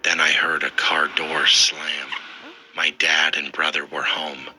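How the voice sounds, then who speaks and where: Super deep guy reading a scary story, steady and scripted, really crisp bright sound. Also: slow, poor audio. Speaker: story narrator. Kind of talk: scripted first-person narration.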